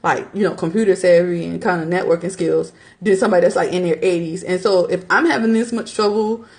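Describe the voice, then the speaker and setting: Chatty young woman with a gravelly edge. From United States. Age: young adult. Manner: animated, mimics others in high squeaky voices; laughs while talking. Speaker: podcast host. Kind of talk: casual opinion monologue.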